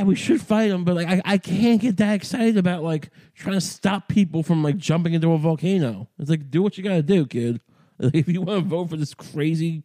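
A man's voice: fairly high pitch, mellow. Sardonic, profane man ranting casually. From New York. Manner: profane, rambling, sardonic, with frequent restarts. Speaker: podcast host.

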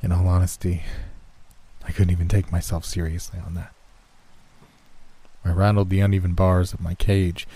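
Man, very deep voice, dark mellow tone, steady horror story narration. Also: moderate pace, pauses often, breathy edge. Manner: steady first-person storytelling. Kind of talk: scripted narration.

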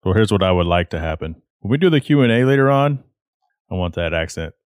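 A man's voice: sits low, animated, fast, clean tone, no room sound, studio quality. A man hosting a casual podcast interview, introducing his guest and giving friendly, brief agreeing replies. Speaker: podcast host.

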